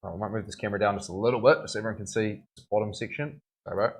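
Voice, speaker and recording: A man's voice: fairly low pitch, fairly even intonation, very fast, breathy edge. A young man, a tattoo artist, chatting casually on a live stream while he works, laughing often and thanking viewers. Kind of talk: casual livestream chat while working.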